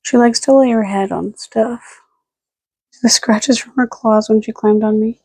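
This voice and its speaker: A young woman vlogging at home in a rambling casual chat, close to the camera mic, now and then slipping into high baby talk for her dog. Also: fairly even intonation, a little slow, dark tone, breathy edge, no echo.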